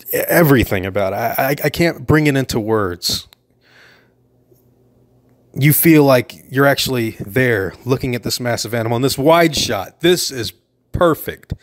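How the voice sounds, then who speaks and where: A man giving casual, enthusiastic commentary over a film and laughing often. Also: medium pitch.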